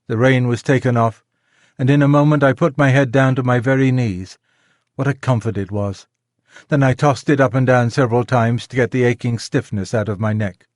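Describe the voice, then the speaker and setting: Male audiobook narrator, middle pitch, measured and gentle, very dry booth. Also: steady tone, no echo. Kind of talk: scripted narration of a classic children's novel. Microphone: close studio mic, dry.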